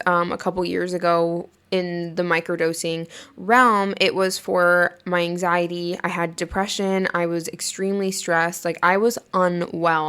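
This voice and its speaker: This podcast host has a somewhat low, smooth voice with a fairly bright tone. She spins a casual personal story, laughing mid-sentence and leaning heavily on "like" as a filler.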